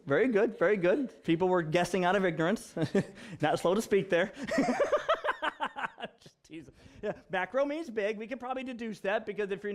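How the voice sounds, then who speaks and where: A pastor delivering a sermon to his congregation in a high, light male voice. He teaches step by step, unpacks the meaning of words, and teases his listeners with easy laughter.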